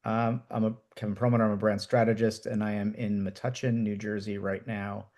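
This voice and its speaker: A brand strategist introducing himself in a quick, wry way on a video call. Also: male voice, on the low side, level tone, a little mellow.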